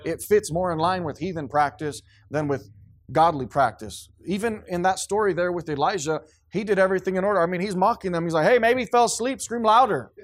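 Preaching from the pulpit, a pastor speaks briskly in a fairly high voice. His sermon is emphatic, and he frequently breaks off to start his sentences over.

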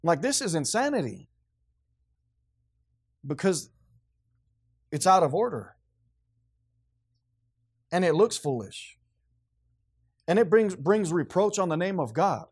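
A man's voice: high-pitched, expressive, measured pace, pauses often, darkish tone, slightly rough. A man preaching a sermon in a church, emphatic, with frequent restarts. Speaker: pastor.

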